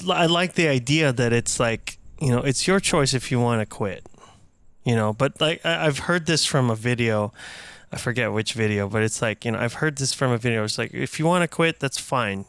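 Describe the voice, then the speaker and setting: A man's voice: medium pitch, normal speed, fairly bright tone, smooth, dry recording. A young man co-hosting a podcast, talking in a thoughtful way full of "you know". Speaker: band member, podcast co-host. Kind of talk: casual chat.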